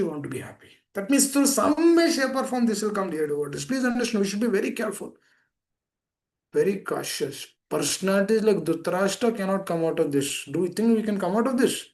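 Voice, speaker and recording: A man giving a sermon over an online meeting call, emphatic and pleading, swinging between raised urgent lines and hushed low ones. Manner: repeats pleading appeals to the listeners. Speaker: preacher.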